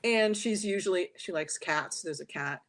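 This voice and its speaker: A woman's voice: fairly low pitch, normal speed. A talkative woman, a tarot reader and guest, chatting casually in an interview and acting out little quoted voices as she tells her stories. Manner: talkative, animated storyteller who acts out quotes.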